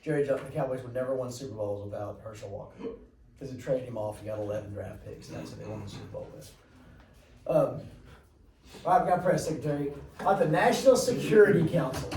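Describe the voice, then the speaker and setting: A man's voice: medium pitch, animated, brisk, mellow, far from the mic. Rambling male teacher in an echoey classroom. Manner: chatty, rambling, jokey asides to students. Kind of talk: classroom lecture.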